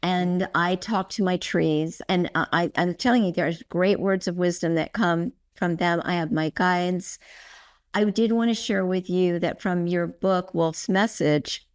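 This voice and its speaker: This podcast host conducts a casual, conversational interview, effusively spinning stories and playing out what she said and thought back then. Her voice is lowish and clean in tone, fairly even in intonation and a little slow.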